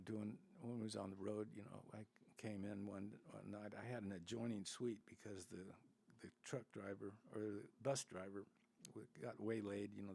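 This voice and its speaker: A man's voice: lowish voice, gravelly, darkish tone, husky. An older man telling rambling stories as a podcast guest, full of restarts and asides. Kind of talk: casual storytelling.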